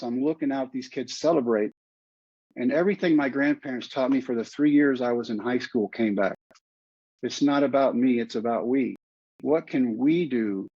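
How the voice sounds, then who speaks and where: A middle-aged man tells his story in a husky voice, earnest and heartfelt, and leans on repeated phrases to drive each point home. The audio is dry and slightly muffled, with no room sound. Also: medium pitch, dark tone, no echo. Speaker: guest. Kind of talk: storytelling in a podcast interview.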